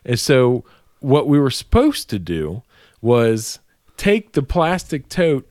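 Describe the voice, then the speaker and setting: A man's voice: mid-range voice, very animated, takes it slowly, darkish tone, dry recording, clean studio sound. A man telling a story in casual podcast chat, swearing and acting out the people in it.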